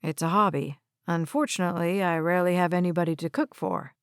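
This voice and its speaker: A woman's voice: on the low side, steady tone, fast, clear, resonant tone, dry recording, natural voice. A woman voicing a friendly, slightly bashful young man in an audiobook, recorded dry.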